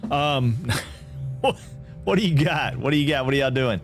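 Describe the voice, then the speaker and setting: A man's voice: mid-range voice, expressive, normal speed, pauses often, a little hiss or hum. A man from Georgia, chatting casually with viewers while streaming a game and often repeating himself. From Atlanta, Georgia.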